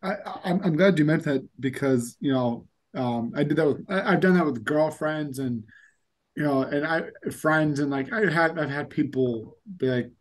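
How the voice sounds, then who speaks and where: A man's voice: fairly high pitch, normal speed. A man hosting a podcast in casual chat, telling stories in a rambling way with lots of fillers. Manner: rambling storyteller, many fillers like "like". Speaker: podcast host.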